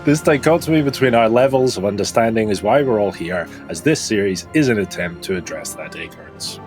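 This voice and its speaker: A man's voice: on the low side, expressive, fairly quick, darkish tone, soft background music. A man hosting a podcast in casual comedic chat, jokey, laughing often and swearing casually. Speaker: podcast host.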